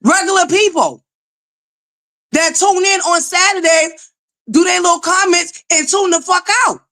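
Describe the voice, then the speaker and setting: A woman's voice: very high voice, steady tone, a little slow, pushed and bright. A woman hosting her own commentary channel, ranting in an exasperated, profane, emphatic way, often stammering and restarting. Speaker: commentary vlogger. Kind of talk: heated reality TV commentary rant.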